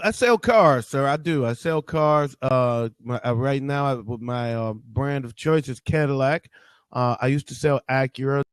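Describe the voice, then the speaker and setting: A man's voice: medium pitch, dry recording. A man from Detroit hosting a casual morning livestream, joking loosely, cursing freely and greeting viewers by name. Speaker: livestream host.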